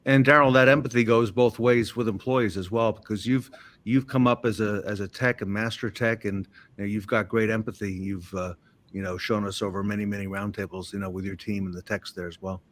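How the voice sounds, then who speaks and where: Low-voiced man moderating a panel. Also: fairly even intonation, brisk. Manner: hedging with fillers, steering questions to guests.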